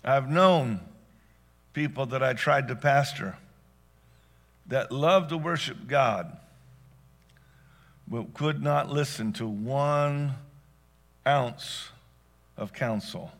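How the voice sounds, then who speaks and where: A man preaching a sermon as pastor, dynamic, swinging from loud exclamations to hushed asides. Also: medium pitch, slow pace, pauses often.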